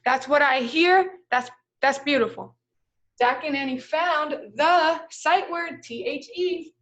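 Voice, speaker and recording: A young woman teaching kindergartners, her voice pitched high. She talks slowly and patiently, stretching words out and spelling them letter by letter as she shows how to write a sentence. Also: a bit bright, dull audio. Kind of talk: live online lesson, modeling writing.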